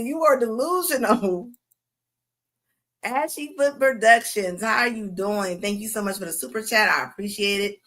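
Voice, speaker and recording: A woman hosts a livestream in a fairly high, fairly bright voice, offering mocking reaction commentary. She laughs often, trading in mocking banter and drawn-out asides.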